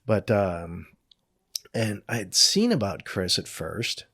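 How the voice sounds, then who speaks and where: Rambling middle-aged man, low voice. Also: lively intonation, slow, a bit bright, breathy edge, dry recording, clean studio sound. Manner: rambling, many fillers, jokey asides. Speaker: podcast guest, jiu-jitsu black belt. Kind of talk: casual interview chat.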